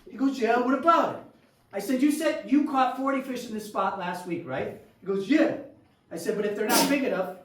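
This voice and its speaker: A man doing solo stand-up storytelling on a theater stage, animated and acting out his family, sometimes shouting punchlines. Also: high voice, a little fast, slight background noise. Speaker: stand-up comedian. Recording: echoey room, voice from far off.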